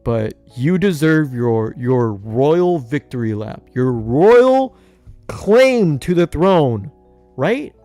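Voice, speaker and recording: Very animated yet slow, a young gaming YouTuber with a warm voice jokes over a video game playthrough, swinging widely in pitch as he talks to his characters. The audio has no echo and faint background music.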